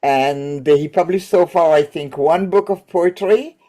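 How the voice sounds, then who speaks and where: Woman teacher with a cold, mellow voice. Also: low voice, measured pace. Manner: thoughtful, digressive, self-correcting. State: has a cold, coughing. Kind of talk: lecture on poetry.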